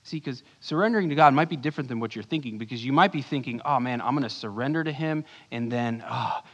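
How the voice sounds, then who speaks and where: Male pastor, mid-pitched, earnest sermon delivery, long hall reverb. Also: fast talker, slightly rough, muffled recording. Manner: earnest, swings between urgent bursts and hushed low lines.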